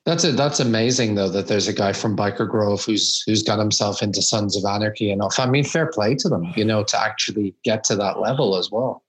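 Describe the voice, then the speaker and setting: A man's voice: on the low side, a little fast, hardly any pauses, husky, poor audio. A man in casual podcast chat, easygoing and agreeable.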